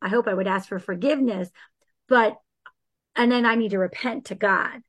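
A woman speaking as a guest in a faith-based conversation about healing, earnest and animated. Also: mid-range voice, normal speed, breathy edge. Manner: earnest, animated, acts out quoted prayers.

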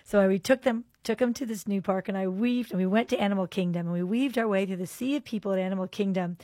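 A woman hosting a faith podcast, telling a personal story with lively expression and moving into quiet, earnest prayer. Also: mid-range voice, fast talker, no room sound.

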